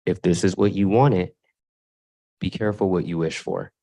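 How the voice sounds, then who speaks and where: A man's voice: low voice, fairly even intonation, normal speed, vocal fry, warm tone. A man giving an impassioned public comment at a school board meeting, asking the board pointed rhetorical questions.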